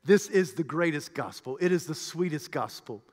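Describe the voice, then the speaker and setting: A man preaching a sermon with passion, swinging from shouted peaks to hushed low passages. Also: expressive, moderate pace, in a large hall.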